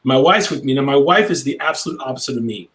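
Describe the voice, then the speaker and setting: A man's voice: mid-range voice, expressive, quick pace, a bit bright, rough recording. A brash middle-aged man, a cigar maker guesting on a podcast, telling a long rambling story in casual chat.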